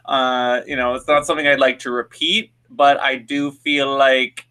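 Bright-voiced young man telling rambling stories. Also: medium pitch, little pitch movement, moderate pace, clean tone. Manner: rambling storyteller with many fillers and restarts. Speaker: podcast co-host. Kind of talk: casual chat.

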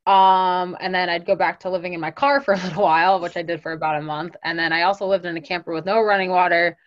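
A woman guest telling stories in a casual interview, animated and rambling, laughing as she goes. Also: on the low side, fast, dry recording. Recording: dull lo-fi dry recording.

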